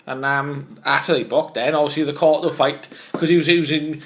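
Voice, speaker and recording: Male ex-boxer, loose rambling podcast guest, sweary, restarts often, a touch higher voice. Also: fairly even intonation, fairly quick, fairly bright tone. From Wales. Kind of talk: casual chat.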